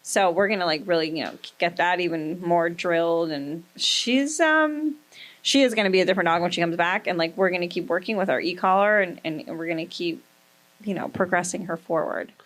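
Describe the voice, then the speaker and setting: A woman's voice: on the low side, a little fast, fairly bright tone. A woman in her thirties hosting a podcast, chatting casually and telling profane stories, often acting out the quoted lines. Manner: loose, profane storytelling with acted-out quotes. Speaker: podcast host. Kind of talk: casual chat.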